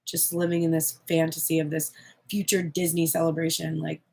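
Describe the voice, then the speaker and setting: Gravelly, husky woman reading tarot. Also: low voice, moderate pace. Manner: candid, expressive, swears freely. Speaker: tarot reader.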